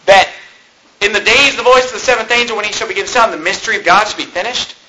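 A male pastor preaching a sermon, impassioned and animated, with mocking asides. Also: high-pitched, fast, slight background noise, poor audio.

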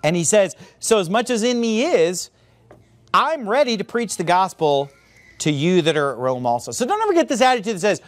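A man preaching a sermon in an informal, animated way, full of asides to the room and quick mimicry. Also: high voice, dry recording. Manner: informal filler-heavy delivery.

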